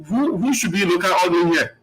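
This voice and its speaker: A man's voice: high voice, animated, moderate pace, fairly bright tone, low-quality recording. A man hosting a live online talk show, rambling, laughing often and reading out viewer comments. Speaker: host.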